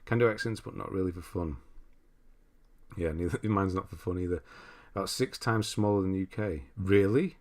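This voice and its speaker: Low-voiced English man chatting on stream. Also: moderate pace. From England. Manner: chatty, easygoing, laughs often, frequent restarts. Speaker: livestream host. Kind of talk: casual livestream chat, reading viewer comments aloud.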